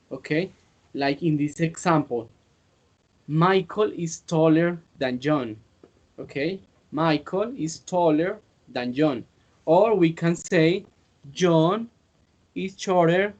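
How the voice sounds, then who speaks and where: A man teaching an online English class, speaking slowly and hesitantly, often saying okay. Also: fairly high pitch, darkish tone. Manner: slow, hesitant, repeats okay. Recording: dull lo-fi online call audio.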